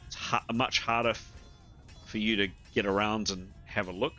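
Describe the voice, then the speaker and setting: A man running a tabletop game as game master, talking in halting bursts and repeating words as he rules. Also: fairly low pitch, fairly even intonation, sharp tone, soft background music.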